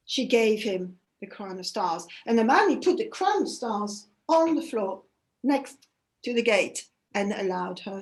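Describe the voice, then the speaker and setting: A woman storyteller telling a myth aloud at a workshop, dramatic, moving between hushed and loud. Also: sits high.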